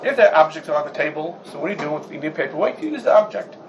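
Man, raised pitch, animated Talmud class lecturer. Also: very fast, muffled recording, a little hiss or hum. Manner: animated, rhetorical questions, mixes Hebrew and Yiddish terms. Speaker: Torah class teacher.

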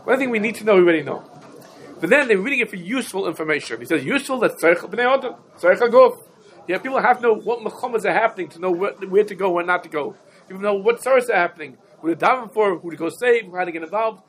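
A man's voice: high-pitched, animated, fast talker, a bit bright, poor audio. A man teaching a Talmudic shiur lecture, firing rhetorical questions and repeating points for emphasis, with faint background noise. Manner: rhetorical questions, emphatic repetition, Yiddish-Hebrew terms. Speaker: Torah teacher.

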